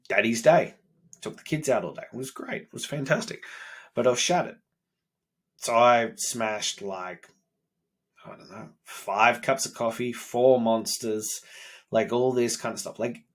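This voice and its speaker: A man in his thirties, a father who makes self-improvement vlogs, delivers a personal monologue in a fairly low, husky, slightly bright voice. He's blunt, candid, and self-critical, swearing a lot.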